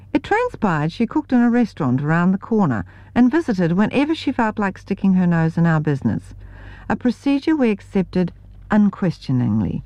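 A New woman reads her memoir with a wry, deadpan edge. Her voice sits a little low yet moves with lively inflection. The recording is close and dry. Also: no echo, highs cut off. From New Zealand. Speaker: memoir reader. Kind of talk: scripted narration.

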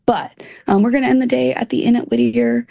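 A woman's voice: a little high, steady tone, fairly quick, gravelly, dark tone, no echo, clean studio sound. A woman from Louisiana, an interview guest in casual chat, upbeat and fond of saying y'all.

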